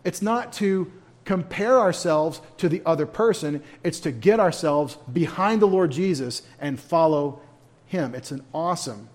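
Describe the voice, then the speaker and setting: A man's voice: a little high, measured pace, darkish tone. A man leading a church Bible study in a folksy, conversational way, with humorous asides.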